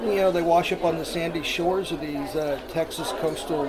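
High-voiced rambling man telling crude stories. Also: steady tone, moderate pace, over a noisy crowd, rough recording. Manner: rambling, crude, laughs through his stories. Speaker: podcast host. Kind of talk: casual profane storytelling.

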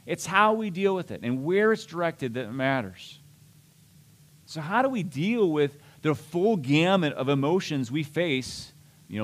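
A middle-aged man preaching a sermon as a pastor, conversational and self-deprecating, with restarts and asides. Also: a little high.

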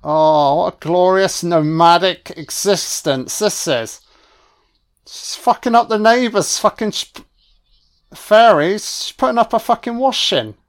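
A man's voice: high-pitched, lively intonation, measured pace. A man giving a casual, wisecracking film commentary on a first watch, swearing freely and talking back at the screen. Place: home recording, voice only.

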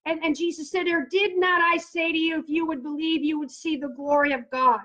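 High-voiced fervent woman preacher. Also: fairly even intonation, brisk, a bit bright. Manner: reads scripture aloud and comments on it fervently. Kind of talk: teaching on prayer. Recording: dull lo-fi recording.

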